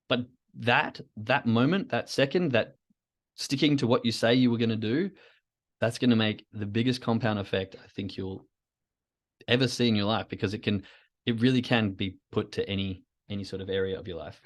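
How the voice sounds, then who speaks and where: A man's voice: medium pitch, brisk. Male solo podcaster, mid-range voice, loose reflective ramble. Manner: rambling, reflective, self-talk asides. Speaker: podcast host. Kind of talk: casual solo podcast monologue.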